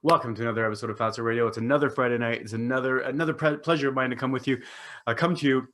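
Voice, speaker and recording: Male podcast host, quick and chatty, middle pitch, repeats himself. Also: steady tone, fairly bright tone. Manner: upbeat, chatty, repeats greetings and phrases. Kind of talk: solo podcast monologue.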